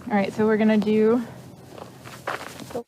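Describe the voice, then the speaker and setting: Young woman, chatty instructor at the barn, easy middle pitch, faint ambience. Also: flat delivery, a little slow, noisy background. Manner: chatty, explains freely, coos softly to the horse. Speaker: equine exercise instructor. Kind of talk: casual instructional talk while working a horse. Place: at a horse barn or paddock.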